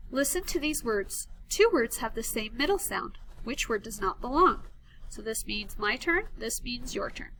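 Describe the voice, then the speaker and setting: A woman teaching a phonics lesson to first graders, speaking slowly and clearly with encouraging, counted cues. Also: fairly high pitch, expressive, a bit bright, slight background noise, rough recording. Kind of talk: recorded phonics lesson for young children.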